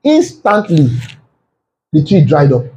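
A man preaching a sermon to his church, firing off rhetorical questions and breaking into shouts. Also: fairly high pitch, wildly swooping pitch, slow, low-quality recording. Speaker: pastor.

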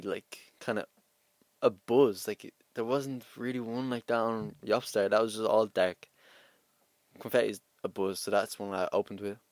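Laid-back young man, low dry voice. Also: dry recording. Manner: laid-back, laughs often, trails off. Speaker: rapper guest. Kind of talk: casual interview chat.

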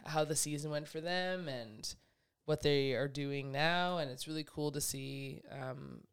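A co-host chatting casually, rambling and excitable, with lots of "like" and "you know". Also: medium pitch, measured pace, clean tone. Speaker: podcast co-host. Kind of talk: casual chat.

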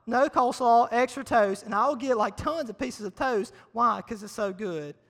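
A man preaching a casual, humorous sermon to a live audience, energetic and chatty, repeating phrases for emphasis. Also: very high voice, normal speed. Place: large hall before a live audience. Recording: long hall reverb.

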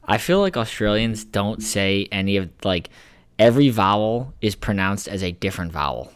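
Co-host, male, low and smooth voice, crude joking chat, dry close sound. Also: animated, moderate pace, dry recording. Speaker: podcast co-host. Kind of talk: casual chat.

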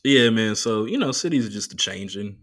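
A man hosting a solo podcast, telling rambling, profane stories in a casual, animated way. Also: fairly low pitch, fairly quick. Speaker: comedian and podcast host.

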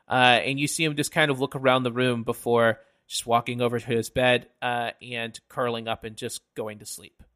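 Bright-voiced male game master. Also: medium pitch. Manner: halting, filler-heavy narration. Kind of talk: narrating a tabletop game.

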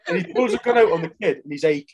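A man co-hosting a podcast, telling a film plot in fast, sweary casual chat. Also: high voice, animated, muffled recording, a loud crowd. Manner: fast, sweary storytelling with 'aye' and 'right?'. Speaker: podcast co-host.

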